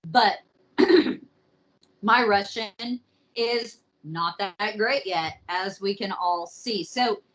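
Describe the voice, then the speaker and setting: A woman's voice: mid-range voice, poor audio. A woman hosting a podcast, telling a true story in a casual, joking way with some swearing. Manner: slow, joking, swears freely.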